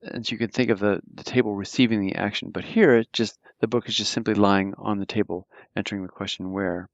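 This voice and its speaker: Male language teacher, lowish voice, patient, halting explanations, dry, dull audio. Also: fairly even intonation, gravelly, dry recording. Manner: explains patiently, with frequent fillers and restarts. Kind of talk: live online grammar lesson.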